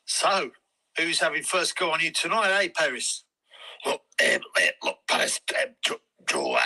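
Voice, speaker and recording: A man voicing a crude, swaggering male boxer in a comedy skit, bragging in a husky voice. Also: on the high side, bright, forceful tone, heavily acted, poor audio. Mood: evasive. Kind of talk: comedy skit voice in a parody video.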